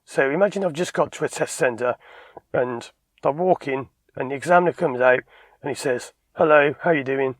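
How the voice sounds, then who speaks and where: A man's voice: mid-range voice, normal speed, dry recording. A man, a driving instructor giving a tips video, talking emphatically and acting out short bits of dialogue. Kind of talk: direct-to-camera instructional talk.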